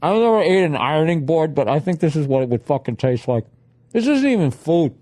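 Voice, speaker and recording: A man's voice: a little high, very animated, fairly quick, darkish tone. A middle-aged man hosting a comedy podcast, ranting profanely in a casual monologue while chewing food as he talks. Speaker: podcast host.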